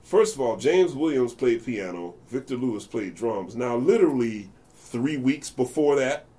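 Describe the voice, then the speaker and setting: At normal speed and medium pitch, an American jazz bassist guest shares stories in a casual interview. He tells them with animation and acts out the voices of others.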